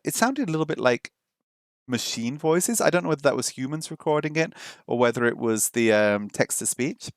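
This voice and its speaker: A man hosting a language-learning vlog, chatting casually while trying out an app, thinking aloud with frequent ums and slowly sounding out simple phrases as a learner. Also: mid-range voice, expressive, no echo, studio quality. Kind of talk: casual screen-share commentary.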